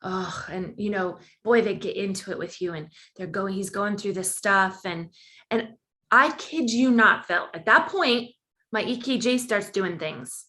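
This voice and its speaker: A woman guesting on a podcast shares a personal story at a measured pace with a sharp tone, acting out quoted dialogue with big leaps in pitch.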